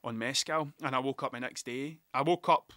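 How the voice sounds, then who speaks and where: A man's voice: mid-range voice, normal speed, fairly bright tone, no echo, studio quality. A Scottish man, a musician, telling rambling, sweary stories about gigs in a casual monologue, often laughing at himself.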